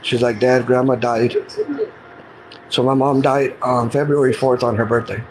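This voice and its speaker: A man's voice: medium pitch, steady tone, a little fast, slight background noise, low-quality recording. A middle-aged man telling a personal story in a casual, earnest, plain-spoken way, often retelling what people said to him. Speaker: guest telling his story.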